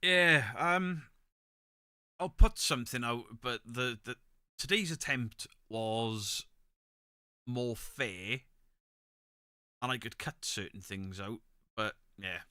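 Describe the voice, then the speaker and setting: A man's voice: medium pitch, takes it slowly, pauses often, sharp tone, smooth, no room sound, studio quality. A man hosting a casual live stream, reading viewer comments and giving blunt, opinionated takes with the odd swear. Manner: chatty, opinionated, swears freely. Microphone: desk microphone, pulled close.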